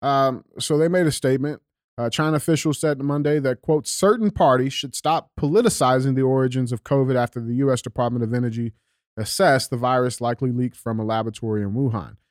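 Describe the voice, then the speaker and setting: A man's voice: mid-range voice, fast talker, no room sound, studio quality. A young man hosting a casual political podcast, reading out news and tweets with lots of fillers, restarts and swearing. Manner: animated, profane, many fillers and restarts. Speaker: podcast host.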